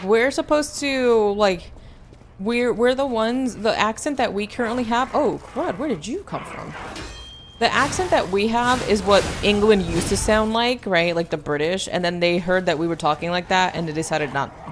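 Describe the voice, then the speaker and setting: A woman's voice: mid-range voice, animated, moderate pace, noisy background. A woman VTuber streaming a game, chatting playfully with her viewers and answering chat. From United States. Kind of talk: casual gameplay stream chat.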